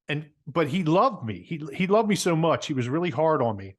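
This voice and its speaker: A man with a New Jersey accent, a guest telling stories in a casual interview, animated and repeating words as he talks. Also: a little high, brisk, hardly any pauses. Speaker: guest, business owner.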